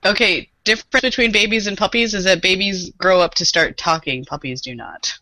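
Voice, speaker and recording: A woman's voice: medium pitch, brisk, pushed and bright, no echo, low-quality recording. A woman who works with small children, chatting casually on a podcast and laughing often at herself. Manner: laughs often, playful and self-mocking. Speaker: early childhood educator, podcast guest.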